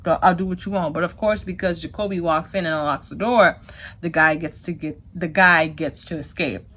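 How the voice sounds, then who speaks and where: A woman's voice: sits low, steady tone, bright, forceful tone. Chatty woman recapping a TV episode. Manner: chatty, retells scenes in quick bursts. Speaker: TV recap host.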